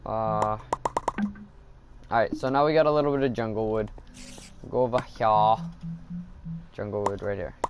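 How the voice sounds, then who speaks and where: A man's voice: fairly low pitch, steady tone, moderate pace, pauses often, noisy background. A man casually commenting while he plays a video game, thinking aloud and getting annoyed at the game. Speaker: gaming video host.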